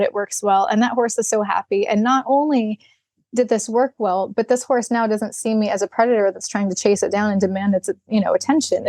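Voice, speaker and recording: A woman guest on a podcast interview, telling stories in a candid, animated way, acting out bits of dialogue and laughing often. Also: medium pitch, no echo. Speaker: guest, equine rehabilitator. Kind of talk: podcast interview, casual storytelling.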